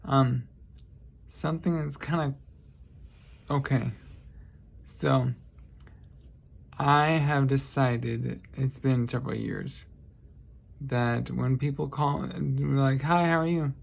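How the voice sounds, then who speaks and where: A man's voice: mid-range voice, steady tone, takes it slowly, vocal fry, long pauses, husky. A man vlogging, telling casual stories in a rambling, lighthearted way and often correcting himself. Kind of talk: casual storytelling monologue.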